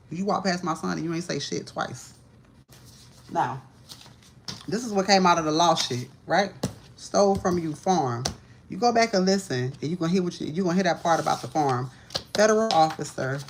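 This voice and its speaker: A woman's voice: lowish voice, slight background noise. Profane, ranting woman tarot reader. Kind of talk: live-streamed tarot reading. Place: home.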